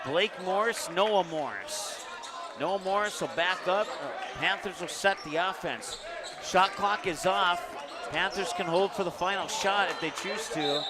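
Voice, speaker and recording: A man doing live play-by-play of a high school basketball game, calling each play quickly and getting excited on big shots. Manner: rapid excited play calls, self-correcting. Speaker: play-by-play announcer. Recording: crowd noise in a gym. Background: loud crowd and bouncing balls.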